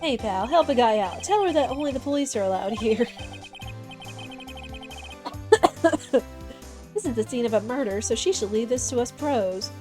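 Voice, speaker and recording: A blustery, bumbling police detective who calls everyone pal, played by a woman. The voice stays fairly high for a man and rides over game music. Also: expressive, brisk, mellow, natural voice. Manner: blustery, ends lines with "pal".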